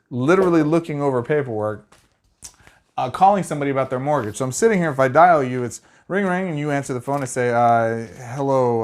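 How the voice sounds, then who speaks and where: A middle-aged man giving sales tips straight to the camera, energetic and conversational. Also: a little high. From Arizona. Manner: energetic, conversational, fast-talking. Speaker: sales trainer.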